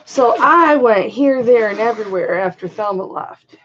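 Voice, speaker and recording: A middle-aged woman chatting casually in a vlog, rambling through an animated story. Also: on the high side, normal speed, muffled recording, slight background noise. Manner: rambling, animated retelling with quoted voices. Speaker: vlogger.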